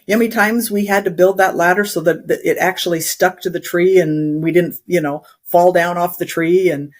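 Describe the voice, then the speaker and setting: A woman's voice: lowish voice, fairly even intonation, brisk. Middle-aged woman from Wyoming; chatty, rambling guest who laughs easily. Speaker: interview guest, instructional designer. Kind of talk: casual storytelling in conversation.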